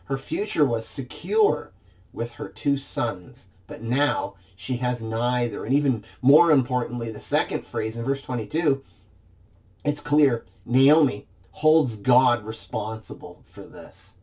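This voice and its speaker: A man's voice: mid-range voice, expressive, takes it slowly, a little mellow. A man preaching a sermon in church, reading scripture expressively and dramatizing the quoted lines.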